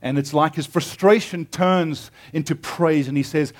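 A male pastor delivers a sermon with a booming voice that sits a touch higher than most men's. He reads scripture aloud, then preaches on it earnestly and emphatically, often stumbling over and restarting his words. He is speaking into an amplified church sound system. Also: unhurried, few pauses.

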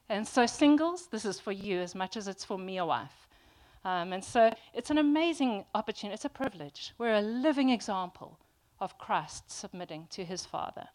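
A woman's voice: a little high, lively intonation, fairly quick, a little mellow. A woman preaching a sermon to a congregation, earnest and emphatic, often restarting with ums.

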